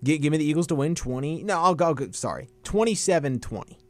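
A man's voice: fairly high pitch, lively intonation, fast, a little mellow. Young man hosting college sports radio. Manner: confident, plays off co-host. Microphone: studio microphone with headphones.

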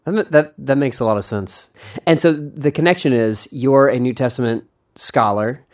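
A man's voice: mid-range voice, normal speed. A young man hosting a podcast in casual chat, eager and rambling, often restarting his sentences and laughing along. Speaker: podcast host.

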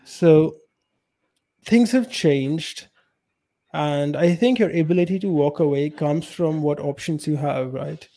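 A man's voice: on the high side, slow, mellow. A man, co-hosting a podcast in casual chat and giving blunt, opinionated takes. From India. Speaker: podcast co-host.

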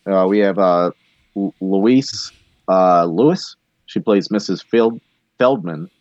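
A man's voice: low-pitched, slow pace, a little mellow, dry recording, dull audio. A man co-hosting a casual film podcast, laid-back, going through cast lists with lots of fillers. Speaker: podcast co-host. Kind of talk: casual chat about films.

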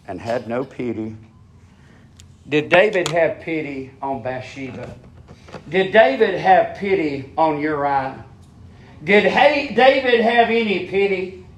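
A man preaching a sermon with fervor, asking his listeners question after question and swinging from loud, high peaks down to low, quiet asides. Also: expressive, slow pace, slight background noise. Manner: fervent, rises to high shouting peaks then drops low; asks the congregation rhetorical questions.

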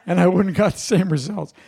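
Preaching through stories in a conversational way, a male pastor keeps turning to the congregation with questions. His voice is gravelly, slightly high for a man, and darkish in tone.

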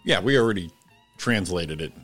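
A very deep-voiced man co-hosting a loose morning show. He swears freely and laughs a lot, and now and then stumbles over a word. Faint music sits under the talk. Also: expressive, normal speed, fairly bright tone. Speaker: co-host. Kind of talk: casual morning show banter.

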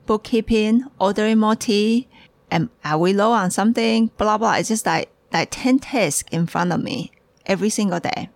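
A woman who hosts a podcast and owns a tea shop talks casually and in a hurry, restarting her sentences as she gets ahead of herself. Her mid-range voice is creaky, and the recording is dry.

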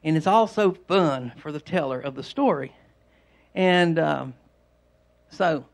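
High-voiced man preaching casually. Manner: rambling, repetitive, homespun storytelling. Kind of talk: conversational sermon.

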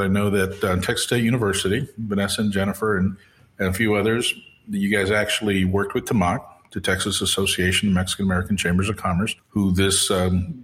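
A man hosting an interview, chatty and joking with his guests. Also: on the low side. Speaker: interview host. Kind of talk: podcast interview.

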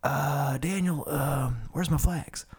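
A man voicing a blunt, fearless army lieutenant colonel who gives brisk orders, raised above his own pitch. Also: fairly even intonation, a little mellow, slightly rough, heavily acted. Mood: commanding.

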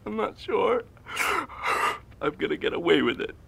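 A man's voice: on the high side, expressive, moderate pace, creaky, slightly rough, lo-fi sound, full character voice. An actor playing an unraveling young male killer confessing over the phone, rambling with nervous laughs and hesitations. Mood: manic confession. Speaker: film character.

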